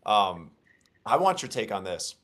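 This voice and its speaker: Chatty young male podcast host, low-pitched, upbeat. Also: very animated, a little slow, a bit bright. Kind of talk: casual sports chat.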